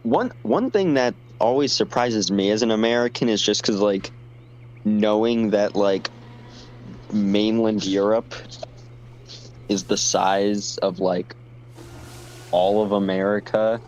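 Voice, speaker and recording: A man's voice: lowish voice, a little mellow, slight background noise, poor audio. A man chatting casually on a stream while playing a game, distracted and apologetic. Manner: slow, distracted, self-deprecating chatter. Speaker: stream co-host.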